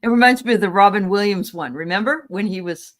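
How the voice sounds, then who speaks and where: A woman's voice: medium pitch, quick pace. A woman host in casual chat who reads cards with an upbeat, laughing manner. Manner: lively, warm laughter, upbeat. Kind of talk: casual chat and card reading.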